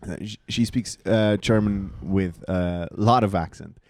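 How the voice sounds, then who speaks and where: A man co-hosting a casual comedy podcast, telling profane stories with animated energy. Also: low-pitched, a little slow, no echo. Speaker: podcast co-host. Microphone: studio podcast mic.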